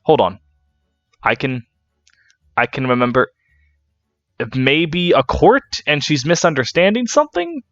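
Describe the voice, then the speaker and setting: A man's voice: on the high side, sing-song, unhurried, pauses often, a bit bright, no echo, lo-fi sound, faint music behind. A man giving casual, jokey commentary on a game he is playing, laughing and swearing freely. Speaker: let's play commentator.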